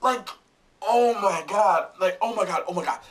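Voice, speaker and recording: A man with a high voice, speaking at normal speed, rants angrily about his football team. He's a sports fan vlogger who swears a lot, repeats himself and trips over his words.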